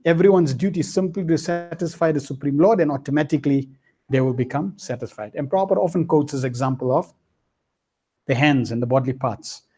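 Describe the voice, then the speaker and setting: Guy giving a scripture class, husky voice, chatty, lots of "hmm?". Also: brisk. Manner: lively, swinging pitch, slangy asides and frequent "hmm?". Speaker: spiritual teacher.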